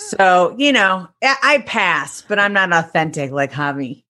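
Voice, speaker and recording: A woman's voice: lowish voice, very animated, measured pace. A woman from Detroit, Michigan, speaking as an author guest in an earnest, faith-centered way. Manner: earnest, warm-hearted, faith-centered explanations. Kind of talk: interview guest talk.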